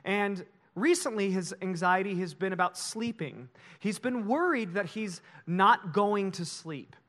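Male pastor, high voice, animated storytelling sermon. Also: measured pace.

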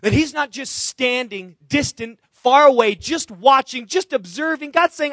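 A man's voice: very high voice, animated, a little slow, few pauses, fairly bright tone, no echo, studio quality. A man preaching a sermon, earnest and emphatic, with repeated phrases and direct questions to the congregation. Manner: asks the audience questions directly. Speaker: pastor.

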